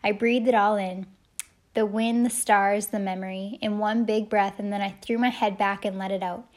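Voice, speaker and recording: A woman's voice: mid-range voice, steady tone, normal speed. A woman narrating a first-person audiobook in a heartfelt storytelling manner. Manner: heartfelt storytelling, shouting the quoted lines.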